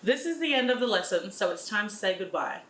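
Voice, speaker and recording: A woman's voice: medium pitch, expressive, fast, fairly bright tone. Female language teacher, patient repetition drills, roomy echoing sound. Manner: patient, repeats each phrase for learners. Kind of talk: slow instructional drilling.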